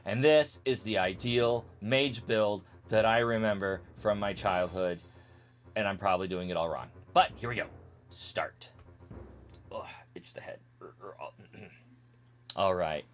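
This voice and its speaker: A man with a fairly low voice takes his time, leaving long pauses, as he streams a retro game. His let's-play commentary stays casual and jokey, and he skips dialogue by chanting "blah blah" and "meow."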